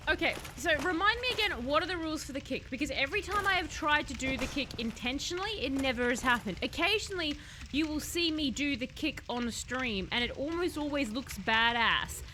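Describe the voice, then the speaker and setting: Brief: high-pitched woman game streamer, chatty and excitable, noisy mic. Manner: chatty, reads chat aloud, bursts into excited shouts. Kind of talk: casual live-stream gameplay chat.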